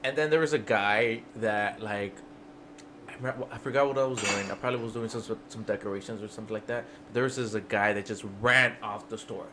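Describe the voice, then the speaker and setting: A man's voice: on the low side, quick pace, background noise. A man on a podcast as a guest, telling a casual, profane work story that keeps breaking into laughter. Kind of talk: casual chat.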